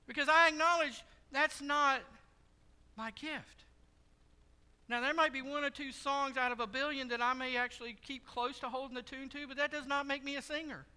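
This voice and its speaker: A pastor giving a sermon in a church, telling stories in a conversational, joking way. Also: male voice, very high voice, steady tone, normal speed, bright, forceful tone. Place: church sanctuary. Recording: long hall reverb.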